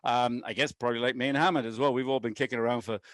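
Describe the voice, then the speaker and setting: A man's voice: mid-range voice, fairly even intonation, racing, a bit bright, no room sound. Dry-sounding man, rambling podcast host. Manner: loose, rambling, self-mocking. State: on painkillers after wisdom tooth removal. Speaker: podcast co-host, race director. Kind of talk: casual podcast chat.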